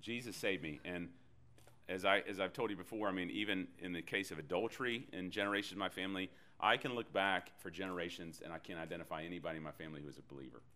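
A man preaching a sermon, telling a personal story with animated delivery and self-deprecating humor. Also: deep voice, fast. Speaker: pastor.

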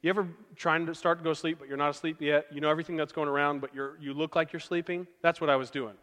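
Folksy pastor in a big hall. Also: male voice, a little high, fairly even intonation, quick pace, a bit bright. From Oklahoma. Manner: folksy, conversational storytelling. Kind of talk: storytelling sermon. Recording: long reverb of a large hall.

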